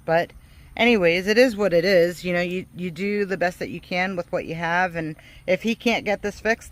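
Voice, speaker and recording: Farm vlog lady chatting to the camera, laughs a lot, talks about god being faithful. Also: on the low side. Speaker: farm vlogger. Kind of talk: casual chat to camera.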